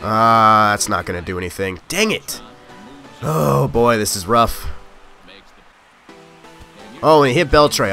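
A young man giving live commentary on his own gameplay, excitable and quick to shout or grumble at the game. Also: fairly low pitch, faint music behind. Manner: excitable, yelling at the game, frustrated outbursts. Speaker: gaming YouTuber.

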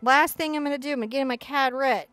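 A woman teaching an acrylic painting lesson, chatty and excitable, often bursting into giggly enthusiasm. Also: sits high, fast talker, no room sound, soft background music. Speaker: art instructor.

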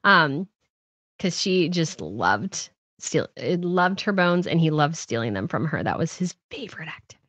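A woman's voice: low voice, big pitch swings, normal speed, fairly bright tone, no room sound. A woman in her thirties hosting a casual livestream, chatting in a rambling way and reading viewer comments aloud. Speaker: host reading live chat.

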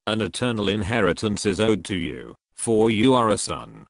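A man reading the words of God the Father welcoming a faithful son, in a measured, solemn way. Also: fairly low pitch, creaky, no room sound. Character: almighty God the Father, calling a son home.

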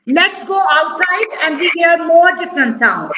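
A woman's voice: extremely high pitch, animated, measured pace, dull audio, background noise. A woman teaching an online class for young children, asking questions, praising answers and imitating animal and vehicle sounds.

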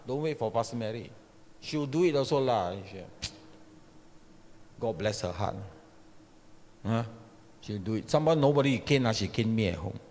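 A man's voice: medium pitch, lively intonation, moderate pace, pauses often, a little mellow, a little hiss or hum. A pastor with a Malaysian English accent, teaching a leadership seminar in a chatty, joking way and quizzing his listeners. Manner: chatty, joking, asks the audience questions. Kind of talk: informal teaching talk. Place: church hall. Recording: long church hall reverb.

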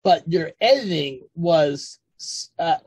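Host on a video call, husky mid voice, dry sound, rambly questions full of likes and uhs. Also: mid-range voice, expressive, slow, a little mellow, dry recording. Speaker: interview host. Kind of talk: casual interview over video call.

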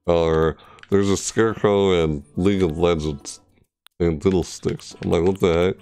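A man streaming a game, chatting casually and rambling with jokes, sometimes breaking into loud high squeals. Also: fairly even intonation, measured pace, clean tone, faint music behind. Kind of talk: casual gameplay commentary.

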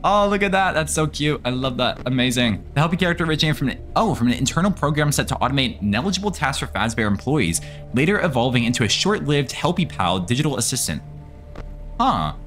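A man's voice: medium pitch, big pitch swings, fast, fairly bright tone, faint music behind. Jittery young man playing a scary game. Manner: jittery, nervous, talks to the animatronics and viewers. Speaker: gaming video creator. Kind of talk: casual let's-play commentary.

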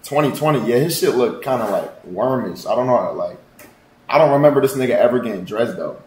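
Livestream host, man, mid-range voice, loud, profane and rambling, roomy echo on the mic. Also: mid-range voice, lively intonation, a little fast, a little hiss or hum. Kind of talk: casual livestream chat.

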